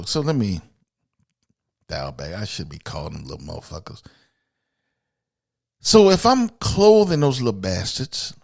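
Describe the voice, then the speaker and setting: A man holds forth in an opinionated podcast monologue, blunt and peppered with profanity as he lectures women directly. His voice sits at a middling pitch but leaps up and down expressively, jumping between loud emphatic bursts and quieter muttered asides. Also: vocal fry. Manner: voice swings from loud outbursts to low asides. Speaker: podcast host.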